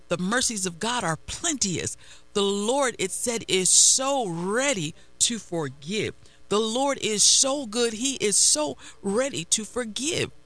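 A woman preaching a devotional sermon and reading scripture, slow and deliberate, repeating phrases for emphasis. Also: mid-range voice, a bit bright.

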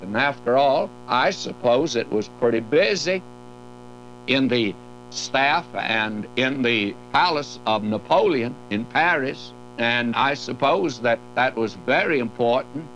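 A man's voice: mid-range voice, lively intonation, takes it slowly, fairly bright tone, highs cut off, faint music behind. An older man teaching through a Bible book in a folksy, emphatic way, his voice lifting on key words.

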